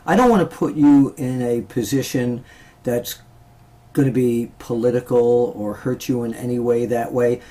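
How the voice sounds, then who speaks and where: Halting man hosting an interview. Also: medium pitch, fairly even intonation, dark tone. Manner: halting, many fillers. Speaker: interview host. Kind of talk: casual interview chat.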